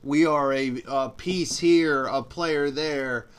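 A man's voice: mid-range voice, takes it slowly. A man hosting a casual sports talk show, chatting about basketball, reading sponsor ads, with hesitant restarts.

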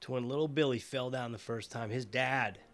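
A man's voice: medium pitch, brisk, faint music behind. Man rambling through a profane comic story. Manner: profane, digressive, animated. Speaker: podcast host.

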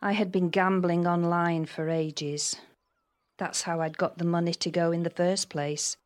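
A woman reading the lines of a remorseful female cousin who confesses quietly and haltingly. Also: lowish voice, flat delivery, natural voice. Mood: ashamed.

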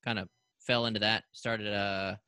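A man from Canada tells stories on a podcast, animated and quick to act out voices. His voice sits low but sounds bright and forceful. The recording is close and dry, with no room sound. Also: clear, resonant tone, no echo. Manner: animated, acts out voices in anecdotes. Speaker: podcast guest, actor. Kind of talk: casual storytelling.

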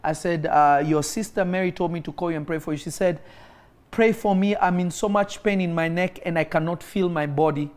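A man with a voice on the high side and a darkish tone preaches a sermon online at a fairly quick pace. He recounts a healing story and exhorts listeners with emphatic, repeated phrases, sometimes breaking into praying in tongues.

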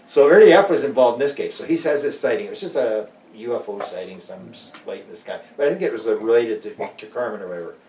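A man's voice: medium pitch, lively intonation, fast talker, darkish tone. An older man, a guest author rambling through stories with many restarts and acted-out quotes. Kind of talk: rambling storytelling interview. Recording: roomy and distant.

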